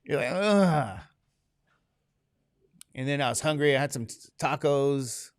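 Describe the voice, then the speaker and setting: A man's voice: medium pitch, fairly even intonation, fairly quick, clean tone. A man teaching a class, who jokes and keeps asking his students questions, drowsy from medication. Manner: joking, asks the class many questions. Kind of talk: classroom lecture.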